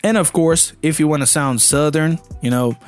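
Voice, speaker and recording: A man's voice: on the high side, moderate pace, smooth, faint music behind. A man hosting an English lesson podcast, talking in a chatty, enthusiastic way with many fillers. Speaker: English teacher and podcast host. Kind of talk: casual teaching monologue.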